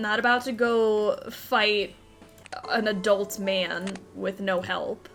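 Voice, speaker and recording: A woman's voice: mid-range voice, level tone, slow, sharp tone, faint music behind. Giggly woman chatting over a game. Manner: giggly, chatty, lots of fillers. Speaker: gaming video host. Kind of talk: casual let's-play commentary.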